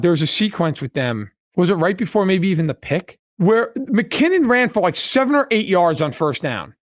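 A man's voice: high voice, no echo, clean studio sound. A man co-hosting a sports podcast, ranting bluntly with profanity and repeated points. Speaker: podcast co-host. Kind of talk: heated sports podcast talk.

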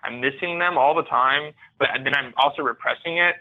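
A podcast guest tells his own story, earnest, candid and reflective. His voice is medium-pitched and brisk, coming through a tinny, phone-like line.

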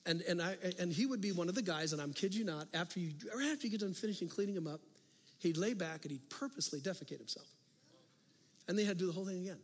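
A male pastor preaching a sermon, telling a story with animated swings from loud to hushed. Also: sits high, quick pace. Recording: long reverb of a large hall.

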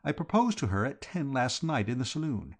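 A man voicing a frantic, rattled young gentleman in an audiobook reading. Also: medium pitch, sing-song, brisk, slightly rough, pitched above the performer's own voice. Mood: frantic, rueful.

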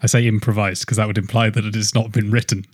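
A man co-hosting a casual podcast, joking around and getting animated when excited. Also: quick pace, dry recording, clean studio sound. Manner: jokey, animated, rising pitch when excited. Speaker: podcast host.

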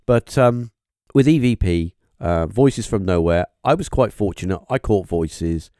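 A man hosting a podcast interview, talking in a halting, musing way with lots of fillers and restarts. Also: on the low side, expressive, dark tone, no room sound, clean studio sound. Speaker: podcast host. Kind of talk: casual interview chat.

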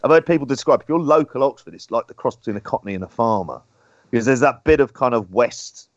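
A man's voice: mid-range voice, fast talker, no echo, lo-fi sound. A man with a London accent, co-hosting a podcast in rambling casual chat and swearing now and then. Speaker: podcast co-host.

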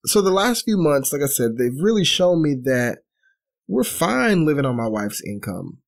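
Earnest man in his thirties, vlogging. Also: medium pitch. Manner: earnest, reflective, casual fillers. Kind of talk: personal storytelling vlog.

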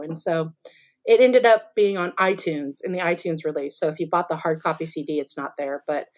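A woman's voice: fairly low pitch, expressive, fairly quick. A woman, a stage actress, telling stories in a casual interview with easy laughter. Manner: chatty, laughing storyteller.

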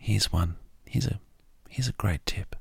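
An Australian man hosting a sleep podcast, talking slowly and softly, often dropping to a half-whisper. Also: fairly low pitch, vocal fry, husky, no echo. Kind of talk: soft-spoken sleep podcast talk.

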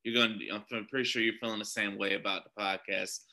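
Bright-voiced easygoing man. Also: fairly low pitch, flat delivery, quick pace. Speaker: podcaster. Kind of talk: casual chat.

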